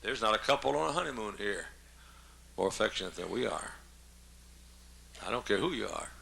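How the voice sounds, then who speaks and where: A man's voice: lowish voice, expressive, fairly quick, vocal fry, sharp tone, slightly rough. A man in his seventies, a pastor preaching a humorous sermon in a folksy, joking way, coughing often. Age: 70s.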